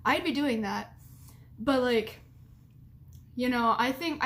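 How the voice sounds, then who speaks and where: A young woman with a high voice tells a candid story straight to camera and gives advice along the way. She is frank and blunt, giggles often and fills her talk with "like". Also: unhurried, pauses often, slight background noise. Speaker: vlogger.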